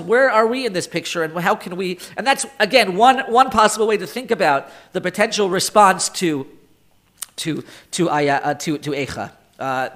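A man teaching a Torah class in lecture style, animated, often repeating and restarting words and acting out sighs and groans. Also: sits high. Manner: acts out sighs and groans for effect.

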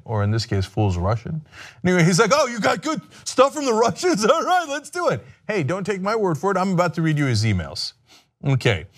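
A man giving sarcastic political commentary in a mocking manner. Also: mid-range voice.

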